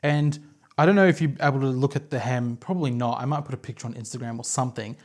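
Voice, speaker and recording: Speaking fast with an extremely low, darkish voice, an Australian woman hosts a knitting podcast from the couch in her home. She rambles chattily to camera and is quick to put herself down.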